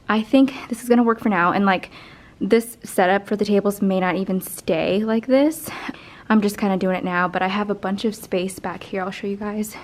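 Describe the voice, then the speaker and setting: A young woman teacher in her twenties, out of breath, casually thinking aloud as she rearranges an empty classroom. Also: mid-range voice. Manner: thinks aloud while rearranging, chatty with fillers. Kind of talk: casual vlog narration.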